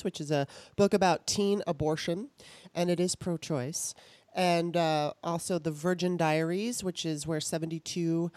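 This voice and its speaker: A woman's voice: fairly low pitch, darkish tone, no room sound. A woman hosting a casual political talk show, chatty and laughing often, with many fillers. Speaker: podcast host.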